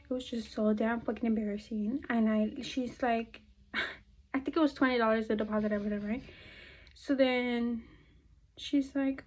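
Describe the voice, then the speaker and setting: A young woman with a slightly high voice talks through her makeup routine in loose, profane chat. She rambles from one topic to the next and now and then drops to a murmur or half-whisper. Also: steady tone, moderate pace, darkish tone, low-quality recording. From California. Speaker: beauty vlogger. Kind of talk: casual chat while doing makeup.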